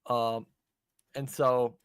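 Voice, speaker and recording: A man's voice: mid-range voice, level tone, drawn-out words, smooth, no echo, studio quality. Casual man rambling through a recap. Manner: rambling recap with fillers and swearing, acting out character lines. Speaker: podcast co-host recapping an anime episode. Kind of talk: casual chat.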